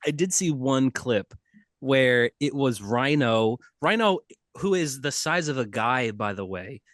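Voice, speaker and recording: A man co-hosts a comic book podcast in a casual, rambling way, cracking jokes and laughing as he goes. His voice sits at an ordinary pitch. The sound is dry and close. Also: a little slow, fairly bright tone, no room sound. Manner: rambling, jokey, laughs often. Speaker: podcast co-host. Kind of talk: casual chat.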